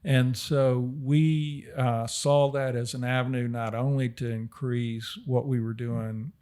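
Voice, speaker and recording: A middle-aged man, a guest on a podcast, telling stories in a casual, animated way. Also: medium pitch, slow pace, clear, resonant tone. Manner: animated, chuckling storyteller. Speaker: podcast guest, architect and developer. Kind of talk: casual anecdotal storytelling.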